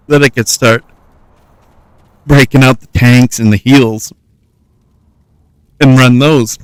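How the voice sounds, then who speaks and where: A man's voice: medium pitch, steady tone, slow, pauses often, smooth, no room sound. Joking man streaming a game. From Cincinnati, US Midwest. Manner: playful, joking, chatty. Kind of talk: casual gaming commentary.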